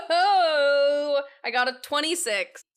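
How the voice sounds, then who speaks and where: A woman playing a tabletop game, playful and quick to laugh. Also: sits high. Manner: playful, lively, giggly. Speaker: player.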